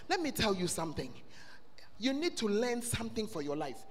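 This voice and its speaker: Man preaching, very high voice, bright, shouts in sing-song bursts, long church reverb. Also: very animated, normal speed, slight background noise. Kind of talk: sermon.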